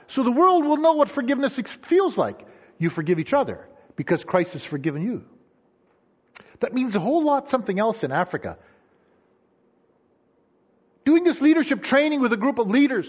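Animated high-voiced male preacher. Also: husky. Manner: animated, acts out quoted voices. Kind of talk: sermon. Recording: dull lo-fi sound.

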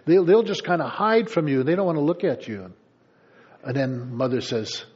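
A man's voice: a little high, lively intonation, moderate pace, a little mellow, husky, dull audio. A man preaching a sermon in a conversational way, with playful asides to the congregation. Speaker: pastor.

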